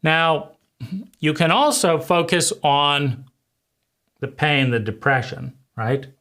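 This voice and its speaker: A man teaching conversation skills in a deliberate way, often repeating himself and checking in with "right?". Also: fairly high pitch, bright, forceful tone. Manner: slow, deliberate, repeats phrases and asks "right?". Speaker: life coach.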